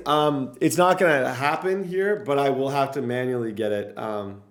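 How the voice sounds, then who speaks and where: A young man giving casual gameplay commentary as a gaming video creator, excitable and repetitive, cheering his own plays. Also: mid-range voice, moderate pace, few pauses, slight background noise. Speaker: gaming YouTuber. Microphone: desk mic, no face cam.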